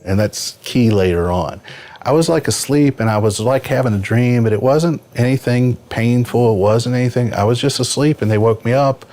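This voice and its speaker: Speaking at normal speed in a darkish mid-range voice, a fiftysomething man shares a vivid, earnest personal story while a guest on a casual interview podcast.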